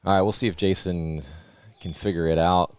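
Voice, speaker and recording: A man hosting live coverage of an archery shoot in relaxed, joking casual chat. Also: deep voice, a little fast, clear, resonant tone, no room sound.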